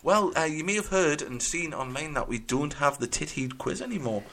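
A man hosting a football fan radio show in casual, rambling banter, quick to laugh and full of ums. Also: on the high side, lively intonation, a bit bright.

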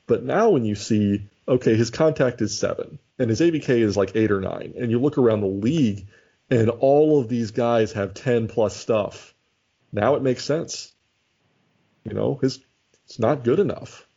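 Heard through dull lo-fi audio, a male co-host talks casually about a baseball sim league at a normal speed. His mid-range voice is dark and husky with vocal fry, and he keeps restarting sentences while thinking aloud.

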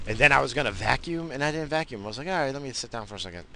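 A man's voice: mid-range voice, expressive, racing, creaky, sharp tone, a little hiss or hum. A man hosting a casual solo podcast, rambling and swearing freely as he mocks himself, recorded at home on a podcast mic. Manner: rambling, profane, self-mocking. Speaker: podcast host.

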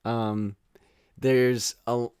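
A young man hosting a podcast, rambling through a casual spoiler-filled film review with exasperated, animated rants. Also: medium pitch, extremely slow, smooth, dry recording, clean studio sound.

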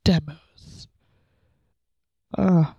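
Earnest young woman, creaky mellow voice. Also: low voice, fairly even intonation, extremely slow, no echo, lo-fi sound. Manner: candid, chatty, earnest with filler likes. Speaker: podcast host. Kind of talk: casual devotional talk. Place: sitting on the floor at home under a blanket.

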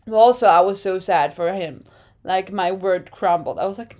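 A young woman chatting casually as a podcast co-host. She gets excited, swears, and acts out her own reactions. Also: mid-range voice, moderate pace. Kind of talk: casual chat.

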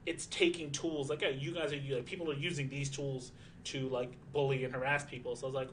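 A man's voice: mid-range voice, flat delivery, fast talker, slight background noise. A young man in his twenties, a streamer chatting casually in a rambling, profane way with many fillers. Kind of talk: casual chat.

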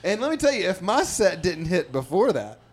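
Profane, animated comic storyteller man. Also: high-pitched, brisk, husky. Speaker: stand-up comedian, podcast guest. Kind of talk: casual chat, comic storytelling.

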